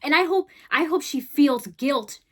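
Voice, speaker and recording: A woman's voice: high voice, measured pace. A woman hosting a political commentary video, talking bluntly and heatedly, often tagging her points with "right?" and "okay?". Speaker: host.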